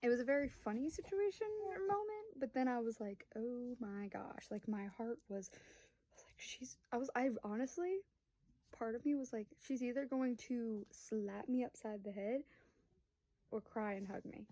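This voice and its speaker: Chatty young woman, warm dry voice. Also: on the high side, expressive, moderate pace, dry recording, rough recording. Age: 20s. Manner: rambling, chatty, lots of fillers; acts out voices of family in quotes. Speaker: vlogger and young mother. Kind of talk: casual storytelling to camera.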